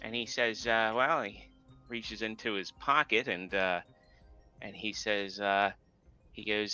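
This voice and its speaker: A man's voice: fairly low pitch, steady tone, sharp tone, clear, resonant tone, no echo, lo-fi sound, soft background music. A man co-hosting a live podcast, chatting casually and telling a long joke with plenty of fillers. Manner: rambling, halting joke-telling with many fillers. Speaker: podcast co-host. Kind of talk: casual live-stream chat.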